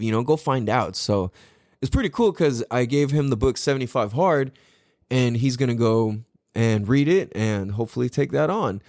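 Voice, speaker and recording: A man's voice: medium pitch, no echo, clean studio sound. A middle-aged man hosting a podcast, telling stories in a casual, profane way and acting out the things he said. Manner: profane, animated storytelling, acts out his own quotes. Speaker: podcast host.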